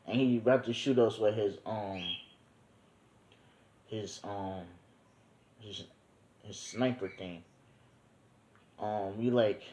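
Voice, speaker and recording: A man's voice: on the low side, lively intonation, a little slow, pauses often, dark tone. A young man casually telling a made-up adventure story, rambling and slangy with many ums. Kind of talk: casual fan-fiction storytelling. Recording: roomy echo.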